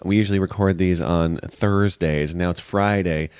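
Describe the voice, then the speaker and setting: A man co-hosting a podcast in casual chat, joking and animated, his pitch jumping when he gets excited, in his morning voice. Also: normal speed, clear, resonant tone, dry recording. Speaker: podcast co-host.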